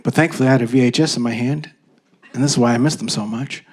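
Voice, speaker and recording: A man in his thirties from Canada performing a stand-up comedy set on stage into a handheld mic, telling stories in an animated way. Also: medium pitch, fast talker. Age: 30s. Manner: animated storytelling, jumps into loud acted-out voices.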